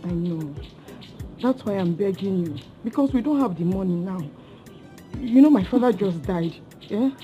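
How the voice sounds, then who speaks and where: A woman's voice: mid-range voice, animated, moderate pace, dark tone, faint music behind, natural voice. An actress with a Nigerian accent playing a grieving young woman who keeps begging for more time to pay a debt. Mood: pleading. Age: young adult. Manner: pleading, imploring. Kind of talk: Nollywood film acting. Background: film score.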